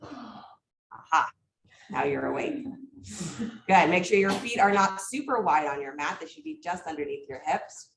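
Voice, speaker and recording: A woman's voice: low voice, animated, vocal fry, a crowd in the background. Woman cueing a yoga class, echoey room. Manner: brisk cueing with frequent encouragement. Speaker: yoga teacher. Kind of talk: live yoga class instruction. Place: yoga studio. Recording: echoey room, mic far off.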